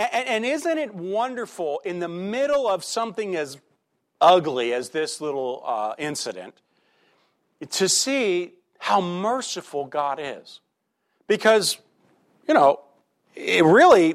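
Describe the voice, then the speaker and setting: Male pastor, slightly raised pitch, conversational sermon delivery with rhetorical questions and animated swings in volume. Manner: animated, swings between loud emphasis and quiet asides.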